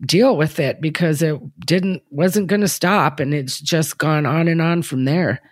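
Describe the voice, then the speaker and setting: Brief: woman in her fifties, fairly low voice, reflective guest who wanders through her thoughts with lots of fillers. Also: measured pace, no room sound, clean studio sound. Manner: thoughtful, rambling with frequent fillers. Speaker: artist guest. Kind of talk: reflective interview talk.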